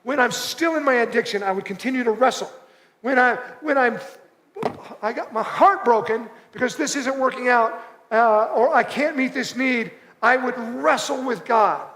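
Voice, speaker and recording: A man's voice: very high-pitched, animated, normal speed, fairly bright tone. A man preaching a sermon as pastor, conversational and driving points home by repeating short phrases. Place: church auditorium. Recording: long reverb of a church hall.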